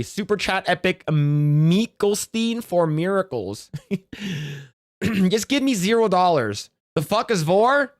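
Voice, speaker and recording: A man's voice: high voice, no echo, clean studio sound. A man streaming live, reading donations in casual chat, stammering and restarting often, joking offhandedly.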